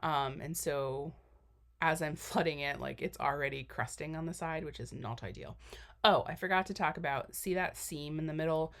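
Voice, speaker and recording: A young woman with a low-pitched voice and a drawl talks through a cookie decorating tutorial in a relaxed voiceover. She rambles cheerfully, trails off into fillers and pokes fun at herself as she goes. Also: normal speed. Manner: chatty, rambling, self-deprecating, many fillers. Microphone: voiceover mic.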